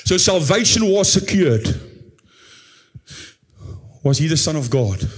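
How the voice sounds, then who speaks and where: A male pastor delivering a dramatic sermon, his fairly high voice leaping up into pleading cries and sinking into low, slow scripture reading. He talks with lively swings of pitch and pace.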